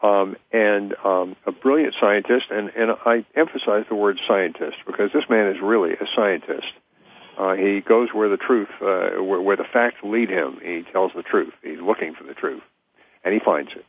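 Male radio host, low voice, hesitant with lots of ums, tinny phone-line sound. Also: breathy edge. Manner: halting, many fillers and restarts. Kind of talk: hesitant talk radio interview.

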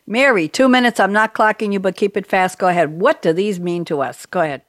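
A woman's voice: medium pitch, fairly quick, no room sound. Woman host, effusive and laughing often, dry close sound. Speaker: show host. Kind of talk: hosting a panel show.

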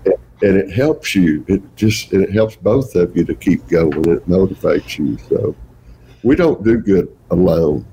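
Older deep gravelly Texan man. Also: lively intonation, measured pace, warm tone, a little hiss or hum, poor audio. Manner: folksy, rambling storyteller with chuckles. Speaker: guest Santa performer. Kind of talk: casual interview chat.

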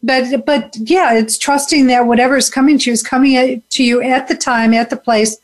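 Woman host, slightly high voice, encouraging and casual. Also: fairly even intonation, brisk. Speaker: radio show host. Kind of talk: casual talk-show chat.

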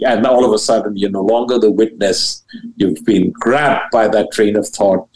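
A man with a somewhat low voice teaches spiritual ideas as a podcast guest. He talks emphatically, leaping up in pitch to stress a point and then settling back down, and he mixes blunt casual words into his teaching. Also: steady tone, normal speed, darkish tone, low-quality recording. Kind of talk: animated interview talk about spirituality.

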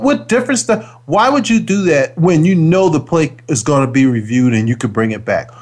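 Emphatic, exasperated former football player. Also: male voice, sits high, slightly rough. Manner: emphatic, exasperated ranting with repeated words. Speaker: sports talk co-host, former pro football player. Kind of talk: casual sports debate.

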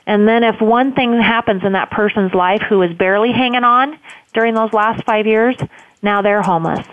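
A woman's voice: fairly high pitch, steady tone, moderate pace, no room sound. Lady on a phone call telling a story, lots of um and you know, sounds like a phone. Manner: earnest, rambling with many fillers. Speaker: homeless shelter director. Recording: tinny phone line, dry.

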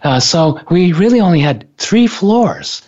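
A man's voice: sits high, very animated, measured pace, a little mellow. A man casually telling a personal story in a rambling, hesitant way, often stopping and restarting. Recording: dull lo-fi recording.

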